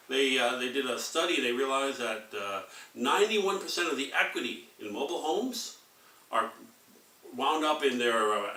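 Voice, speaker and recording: A man in his forties rehearsing a stand-up comedy act, delivering deadpan one-liners with frequent filler segues. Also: on the high side, echoey room, distant mic. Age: 40s.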